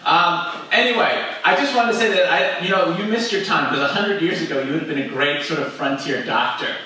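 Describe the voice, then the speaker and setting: A man's voice: a little high, a little fast, bright, forceful tone, recorded from a distance. A man emceeing in a comedy club, rambling through teasing banter before he brings up the next comic. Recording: echoey club miked from afar.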